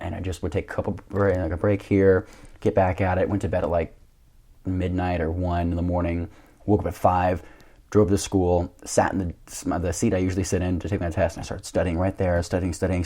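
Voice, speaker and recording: Young man, deep voice, podcast guest; lively self-mocking storyteller who swears freely. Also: brisk. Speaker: podcast guest, jiu-jitsu coach. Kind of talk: casual storytelling.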